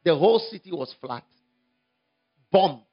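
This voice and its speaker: A man preaching an evangelistic sermon, telling a story dramatically, swinging from hushed to shouting. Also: on the high side, expressive, unhurried, dull audio, faint music behind.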